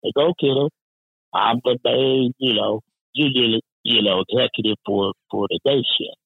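With a medium-pitched voice marked by vocal fry and a breathy edge, a man who works as a union representative tells a profane, lively workplace story, impersonating the people he quotes. He talks at normal speed; the audio is phone-quality, with no echo.

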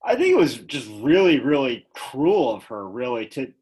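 A man with a slightly husky, lively voice recaps a show on a casual podcast, dropping wry, sarcastic asides. His pitch moves around a lot. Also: moderate pace. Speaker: podcast co-host.

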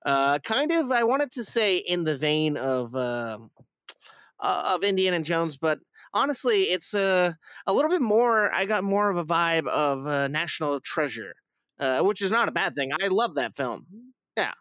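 A man's voice: on the high side, big pitch swings, normal speed, a bit bright, no echo, clean studio sound. A man hosting a casual film review podcast, rambling with lots of fillers and restarts.

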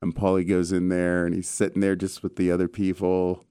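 A man hosting a casual chat, telling stories in an animated way with casual swearing. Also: low voice, fairly quick, smooth, no echo, studio quality.

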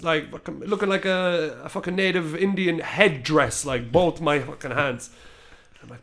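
Man, 30s, casual storyteller, animated and profane, slightly high voice. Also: moderate pace. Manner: animated, swearing, laughing through the story.

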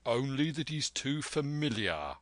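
A man voicing a stern, blunt sea captain who talks in a measured, firm way in a storybook reading. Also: mid-range voice, very animated, fairly bright tone, no echo, voice pushed up.

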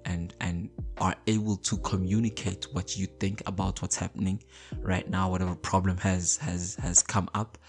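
A man's voice: low voice, darkish tone. A man hosting a podcast in a casual motivational talk, conversational, repeating words and often checking in with listeners. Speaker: podcast host.

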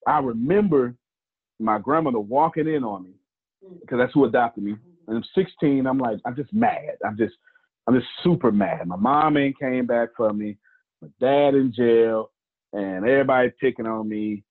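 A man with a mid-range, slightly rough voice talks at a moderate pace, coming through a lo-fi line that sounds like a phone. As a motivational speaker, he tells personal stories casually and jokingly, in conversation, with preacher-style asides.

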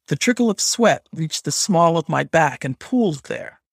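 Husky-voiced male audiobook narrator. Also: fairly high pitch, lively intonation, normal speed, few pauses, dry recording, clean studio sound. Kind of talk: scripted first-person narration.

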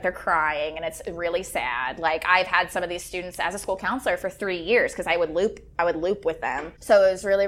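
A woman in her twenties, a former school counselor, telling a story on a casual podcast in a lively way, full of fillers and acted-out quotes. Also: fairly low pitch. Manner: animated, lots of fillers and reenacted quotes.

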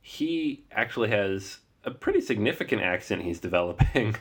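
A man's voice: fairly low pitch, moderate pace, husky. A man in his thirties from Seattle hosting a casual board game podcast, laughing easily and wandering into asides. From Seattle, US Pacific Northwest. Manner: relaxed, laughs often, rambling asides. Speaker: podcast host. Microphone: remote call recording.

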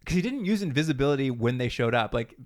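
A man in easygoing podcast chat, recounting TV scenes with lively play-acting. He drops into voices for the characters as he goes. His pitch sits in an ordinary middle range. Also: fast. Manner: animated retelling, acts out characters' lines. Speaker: podcast co-host. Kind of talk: casual chat.

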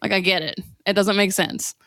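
A woman's voice: medium pitch, fairly even intonation, moderate pace, sharp tone, dry recording. A young adult woman co-hosting a podcast, chatting casually and bluntly, laughing often and swearing freely. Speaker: podcast co-host. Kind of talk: casual chat.

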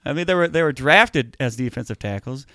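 A man co-hosting a casual football talk show, animated and getting heated as he argues his point. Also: mid-range voice, fairly quick, no echo, studio quality. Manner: animated, gets heated and emphatic. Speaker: sports podcast co-host.

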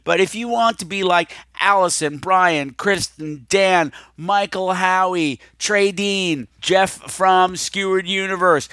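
A man's voice: high-pitched, slow pace, few pauses, bright, forceful tone, clean tone, dry recording, clean studio sound. A man hosting a podcast, talking in a campy, teasing, theatrical monologue. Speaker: podcast host.

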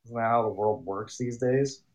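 A man's voice: medium pitch, moderate pace, a little mellow. A man co-hosting a podcast, trading sarcastic wisecracks in casual banter. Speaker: podcast co-host.

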